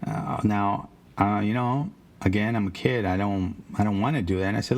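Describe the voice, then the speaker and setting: A man's voice: on the low side, steady tone, normal speed, gravelly, darkish tone. A man casually telling a rambling, profane story about his days as a car salesman. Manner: rambling, profane, with frequent restarts.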